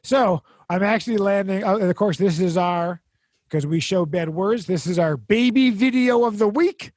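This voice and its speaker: A man's voice: high voice, moderate pace, darkish tone, no room sound, studio quality. A man hosting a comedy podcast, rambling with lots of fillers and jokes. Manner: rambling, filler-heavy, joking. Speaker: podcast host. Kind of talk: casual comedy podcast chat.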